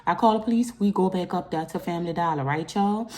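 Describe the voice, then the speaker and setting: A young woman vlogger, telling a personal story in a casual storytime video, animated and jumping into loud high bursts when upset. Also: fast talker.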